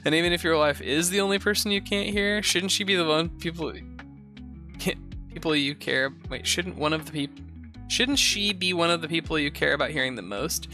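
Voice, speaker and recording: A man's voice: on the high side, fairly quick, sharp tone, faint music behind. A man hosting a show, reading posts aloud and giving rambling, profane, sarcastic commentary in a casual chat style. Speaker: host.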